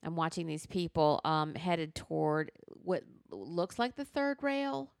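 A woman's voice: sits low, slow pace, vocal fry, dry recording, studio quality. A woman co-hosting a podcast in casual chat, talking frankly and animatedly about what she is watching. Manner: animated, frank, uses y'all and slang. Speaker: podcast co-host. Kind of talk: casual chat, recommending shows.

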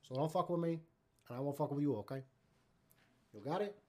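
A man's voice: fairly high pitch, expressive, a little fast, darkish tone. A man putting on a cocky Cuban-accented tough guy. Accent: Cuban Spanish, put on. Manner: cocky, teasing.

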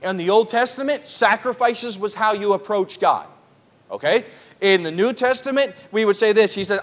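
A man with a high voice preaches a sermon at a church prayer service. He teaches in a plain, conversational way and drives his points home by repeating them with earnest emphasis. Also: moderate pace, a bit bright. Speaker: pastor.

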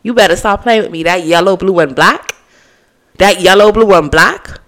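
A podcast host from the Bahamas in a casual solo chat, slangy and animated, talking straight to listeners. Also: medium pitch, normal speed.

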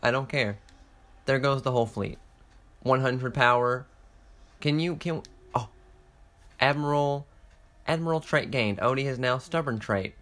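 A young man giving casual, excitable commentary while playing a strategy game, swearing often and laughing through his restarts. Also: medium pitch, measured pace, long pauses. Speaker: gaming content creator.

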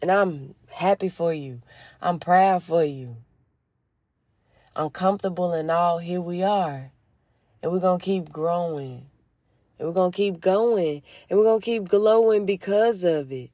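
A woman's voice: lowish voice, unhurried, mellow, no echo. A woman chatting casually with her followers, slangy and rambling, full of asides. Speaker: vlogger and small business owner.

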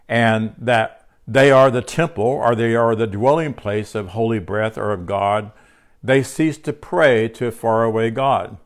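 Man giving a relaxed home sermon. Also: lowish voice. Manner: conversational, with fillers and self-corrections. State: tired. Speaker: teacher of spiritual lessons. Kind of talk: home-recorded spiritual teaching. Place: home room.

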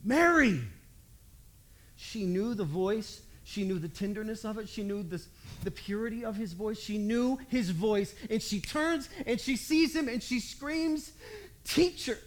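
A preacher retelling a story in a lively, conversational way, with humor and sudden jumps in loudness. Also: mid-range voice, moderate pace. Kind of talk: storytelling sermon.

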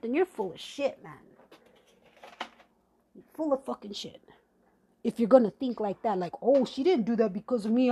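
A woman's voice: a little high, warm tone, slightly rough. Ranting, profane woman podcaster. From Native American. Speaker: podcast host. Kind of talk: angry personal monologue.

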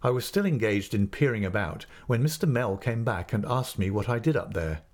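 A man's voice: fairly low pitch, animated, fairly quick, a little mellow. Man reading a classic novel aloud. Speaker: narrator.

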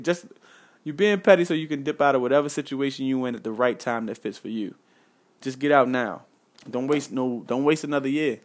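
Young guy preaching life advice to his viewers, earnest and slangy, mid-pitch voice, keeps repeating himself, lots of man and y'all. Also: fairly quick. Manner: casual slangy speech with frequent "man" and "y'all". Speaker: vlogger giving life advice. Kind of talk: impassioned direct-to-camera monologue.

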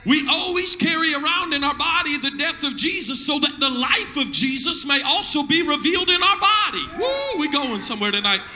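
High, bright shouting preacher man. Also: lively intonation, moderate pace, hardly any pauses, faint music behind. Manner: call-and-response preaching, repeats phrases. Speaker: pastor. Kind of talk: energetic shouted sermon. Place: church service with congregation.

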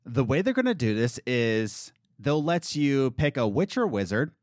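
A man hosting a casual podcast chat, talking in an animated, joking way with restarts and asides. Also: medium pitch, moderate pace, no room sound, clean studio sound. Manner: animated, jokey, wordy with restarts. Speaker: podcast host.

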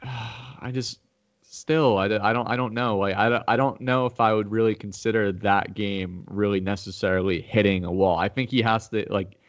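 A man with a low voice talks through his football picks in loose, rambling sentences, full of restarts. When challenged he turns heated and profane. The recording is dry and a little muffled. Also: steady tone, moderate pace, no echo. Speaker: podcast host making game picks. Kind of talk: casual sports chat.

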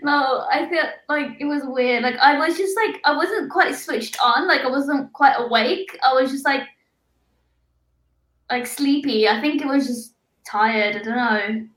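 A woman's voice: sits high, measured pace, a bit bright. Giggly young woman in an echoey room. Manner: chatty, laughs a lot, fillers like "like". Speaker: guest, graphic designer. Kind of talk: casual conversation.

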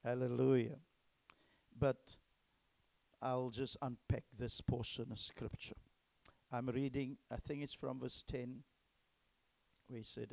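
A male pastor, preaching a sermon emphatically and swinging between loud exclamations and hushed whispers. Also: mid-range voice, flat delivery, a little slow, gravelly, long pauses.

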